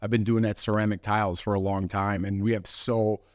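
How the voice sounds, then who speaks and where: Rambling male podcast co-host, lowish voice, dry close mic. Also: level tone, fairly quick, no echo. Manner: rambling, lots of "you know" fillers. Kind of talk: casual chat.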